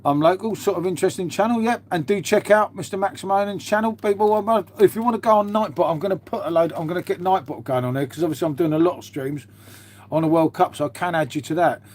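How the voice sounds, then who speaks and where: A man talks loosely through a live stream from his half-converted garage, his voice sitting a little high. He rambles from one thing to the next, drops casual swearing and calls everyone mate. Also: fast talker, darkish tone. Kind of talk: casual live-stream chat reading viewer comments.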